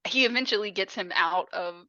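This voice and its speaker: A woman's voice: brisk, sharp tone, dry recording. Swearing woman podcaster, dull lo-fi sound. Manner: swearing, acts out quotes in high put-on voices. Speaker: podcast co-host. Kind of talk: casual chat recapping a film.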